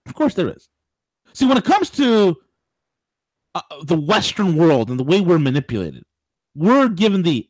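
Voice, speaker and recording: A male talk radio host with a fairly high voice that swoops up and down a great deal as he rambles through political commentary. He breaks into laughing asides, and the sound is dry and close. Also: moderate pace, long pauses, no room sound. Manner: animated, digressive, laughing asides.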